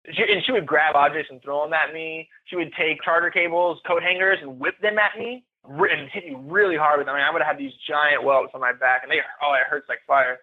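Male guest, frank and faltering, slightly high voice, phone-quality audio. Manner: candid, halting and emotional. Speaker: podcast guest. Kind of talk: personal account of domestic abuse. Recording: tinny phone-like line.

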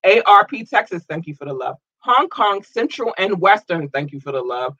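Upbeat male podcast host, animated, slightly high voice, dry close sound. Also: moderate pace, dry recording, lo-fi sound. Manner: upbeat, animated, stumbles over place names. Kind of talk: casual shout-outs to listeners.

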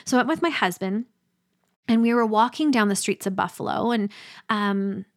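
A middle-aged woman giving a motivational talk, earnest and emphatic, slowing down for dramatic pauses. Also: mid-range voice. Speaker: speaker.

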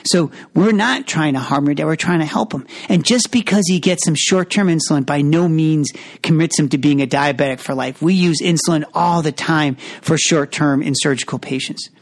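Man, surgeon, higher-pitched, measured, explanatory, earnest. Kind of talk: teaching conversation.

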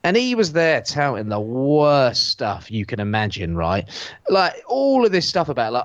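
A man's voice: medium pitch, normal speed, no echo. A British podcast host rants from his sofa, sarcastic and foul-mouthed. His voice leaps up and down with exaggerated disbelief. The sound is dry and close. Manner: sarcastic, expressive, swears freely. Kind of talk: casual ranting chat. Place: at home on a sofa.

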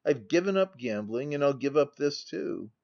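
Male reader doing an earnest young gentleman quitting drink, solemn and agitated, slightly raised voice, dull lo-fi sound. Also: a little high, lively intonation, normal speed, vocal fry.

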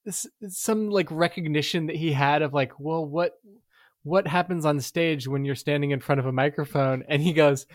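A man's voice: fairly high pitch, normal speed, dry recording, clean studio sound. A man telling a rambling anecdote as a podcast guest, full of filler words and laughing as he goes. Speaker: musician guest. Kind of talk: casual podcast storytelling.

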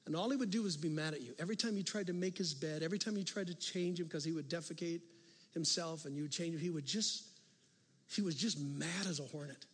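Pastor preaching in an echoing hall. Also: male voice, a little high, fast, husky. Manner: animated storytelling, swings from loud to hushed. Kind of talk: sermon. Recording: long reverb of a large hall.

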